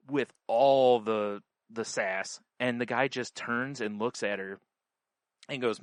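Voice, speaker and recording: A man's voice: medium pitch, takes it slowly, dry recording. A man co-hosting a podcast, telling a story in casual chat, rambling with lots of fillers and restarts. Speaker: podcast co-host.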